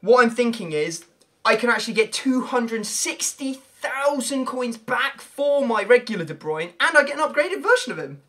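Excitable young man, gaming commentary. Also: extremely high pitch, normal speed. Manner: excitable, with bursts of loud shouting and laughter. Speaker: gaming video creator. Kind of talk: excited pack-opening game commentary.

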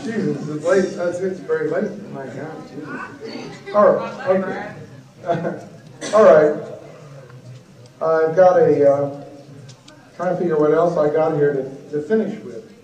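A man's voice: a little high, unhurried, pauses often, a little mellow, distant mic. A man in his fifties from Illinois giving a talk, rambling through anecdotes with exclamations and asides. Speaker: guest speaker. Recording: echoey hall taped from the audience on cassette.

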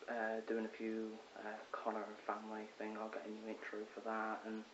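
A teenage boy vlogging from his bedroom, rambling excitedly with lots of ums and self-corrections. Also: lowish voice, normal speed. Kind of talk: casual rambling vlog. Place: bedroom at home. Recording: dull lo-fi with faint hiss.

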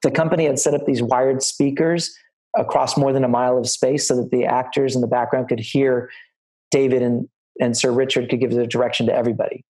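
A man's voice: mid-range voice, level tone, brisk, a little mellow, husky, poor audio. Middle-aged man sharing set stories over a video call, loose and rambling. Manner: anecdotal and rambling, with many restarts. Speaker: line producer giving career advice. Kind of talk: talk to film students on a video call.

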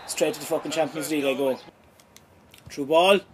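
A young Irish man commentating his own video game play, excitable and swearing freely, shouting at big moments. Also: a little high, normal speed, slight background noise. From Ireland. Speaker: gaming YouTuber.

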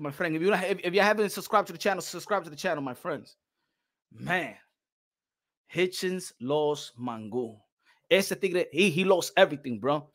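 A man from New York ranting heatedly as a boxing commentator, switching between English and Spanish in a mocking way. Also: high voice. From New York City.

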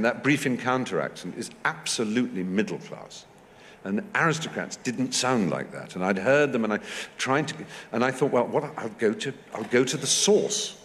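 Animated English man in echoey hall. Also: normal speed. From England. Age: 50s. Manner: animated storyteller, acting out quotes with high squeaky voices. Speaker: guest speaker. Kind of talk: anecdotal festival talk. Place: large festival hall.

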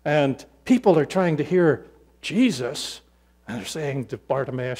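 A man preaches a storytelling sermon at an unhurried pace, with a fairly high voice. He is animated, slipping into the voices of the people in his stories. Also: husky. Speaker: pastor.

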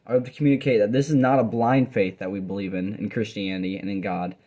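Young man, earnest devotional talk, dorm room, rambling with restarts, warm mellow tone. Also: lowish voice, fairly even intonation, fast talker. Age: young adult. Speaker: Bible college student sharing a devotional video. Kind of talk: casual devotional talk to camera.

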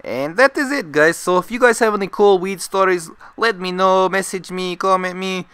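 High-pitched animated man telling a story. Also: moderate pace, clear, resonant tone, no echo. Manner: animated, profane, acts out quotes. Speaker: vlogger. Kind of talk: comic storytelling to camera.

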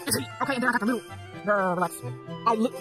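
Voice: medium pitch, very fast, over music. A young adult gaming YouTuber giving casual gameplay commentary, sassy and rambling, full of profane trash talk.

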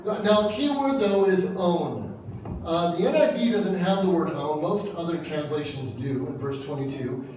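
A man's voice: sits high, expressive, moderate pace, darkish tone, slight background noise. A man in his fifties, a pastor giving a humorous sermon and acting out little dialogues in different voices. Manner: jokey, acts out dialogue in voices. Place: church hall. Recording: very echoey hall from far off.

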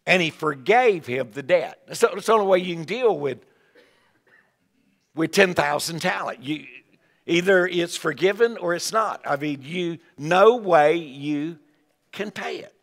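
An older evangelist preacher delivers a revival sermon at an unhurried pace, folksy and animated, full of asides and repeated words as he circles back on himself. His voice sits a touch high with a gravelly edge, ringing with the long reverb of a large church sanctuary.

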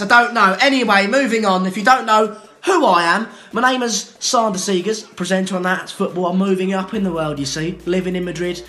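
A man's voice: high-pitched, brisk, few pauses, sharp tone, soft background music. A man, a football presenter rambling and joking through a match prediction. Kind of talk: casual self-recorded prediction.

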